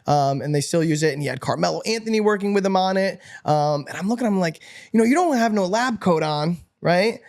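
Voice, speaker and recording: Young male guest, rapid-fire and pumped up, higher-pitched voice, casual storyteller from upstate New York. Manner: energetic, animated, swears and laughs often. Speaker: podcast guest.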